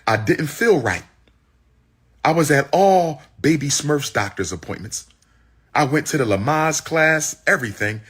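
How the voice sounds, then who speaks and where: A man's voice: mid-range voice, big pitch swings, a little slow, long pauses, fairly bright tone, husky. A man telling an audience his personal story in a heated, exclaiming way, repeating phrases for emphasis. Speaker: public speaker.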